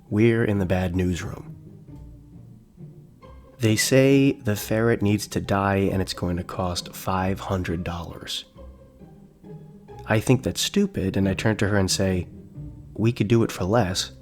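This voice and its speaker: A man narrating a true-life story in a dry, deadpan storytelling manner. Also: sits low. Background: faint background music.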